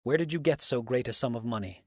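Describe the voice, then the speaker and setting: A man voicing a steady, menacing mountain man who speaks low and level. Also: fast, no echo, clean studio sound, natural voice. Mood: deliberate.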